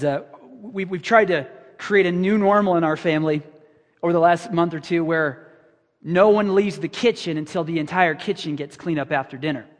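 A middle-aged pastor preaches a sermon in a conversational, self-mocking style, acting out his own prayers. His voice is high and a little bright, echoing through a reverberant church hall.

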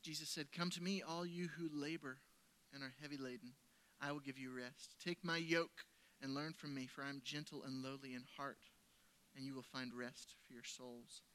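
This male preacher delivers his sermon at a normal speed and with fairly even intonation. Speaking conversationally during a church service, he tells stories and moves from loud, emphatic moments to quiet, lowered ones.

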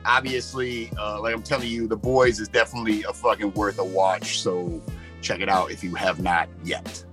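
A man's voice: lowish voice, flat delivery, moderate pace, fairly bright tone, faint music behind. A man from the United States talking as a guest musician in a casual interview, laid-back and slangy, rambling a little.

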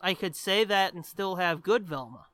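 A high, bright, smooth male voice, talking in loose, animated podcast banter and swearing freely. He rambles through his points. The sound is dry and close. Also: moderate pace. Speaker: podcast co-host. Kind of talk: casual chat.

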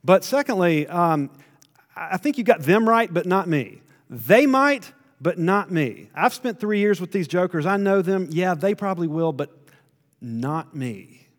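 A man's voice: high-pitched, very animated, measured pace, in a large hall. A man voicing a proud male disciple who protests that he could never fail. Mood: indignant boasting. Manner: indignant, protesting. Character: proud, boastful male disciple insisting he's different.

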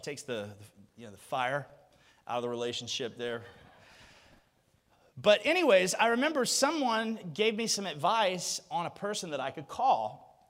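A man in his thirties preaching a sermon, telling a story and acting out the voices of the people in it. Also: fairly high pitch. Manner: animated storyteller, acts out voices.

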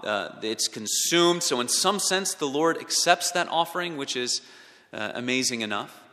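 A male preacher delivering a sermon, swinging from loud emphatic peaks to hushed low passages. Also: animated, moderate pace. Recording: long reverb of a large hall.

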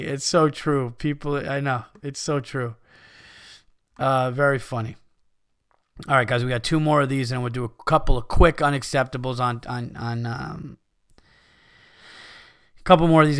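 Give me a profane, laughing male podcast host with a smooth, dry voice. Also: medium pitch, no room sound. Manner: profane, laughing, animated storyteller. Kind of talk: casual podcast chat reading listener emails.

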